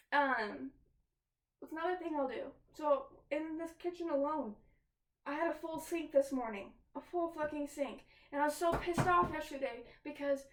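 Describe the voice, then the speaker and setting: Candid high-voiced woman in an echoey kitchen. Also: distant mic. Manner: candid, swears often, talks to viewers directly. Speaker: tarot vlogger. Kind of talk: casual confessional vlog. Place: her kitchen at home. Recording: roomy echo, off-mic.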